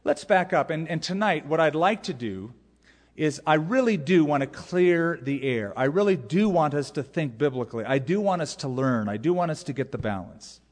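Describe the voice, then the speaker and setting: A man, a pastor, preaching a sermon with emphatic, repeated key phrases. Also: on the high side. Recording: long hall reverb.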